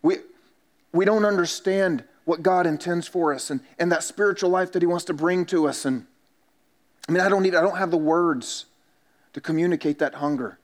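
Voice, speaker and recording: A man's voice: high voice, normal speed. A man, a pastor preaching a sermon in a church and telling stories with self-mocking humor. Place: church sanctuary.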